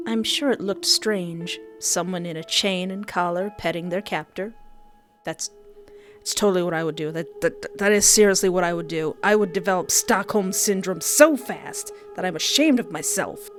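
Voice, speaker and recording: A young woman hosting a let's play, giving casual, joking commentary with quick, playful asides. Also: lowish voice, faint music behind.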